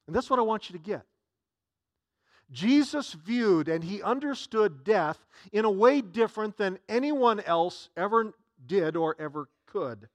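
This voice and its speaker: Male pastor preaching a sermon, high voice, dry close sound, earnest with frequent restarts. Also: lively intonation, unhurried, dry recording.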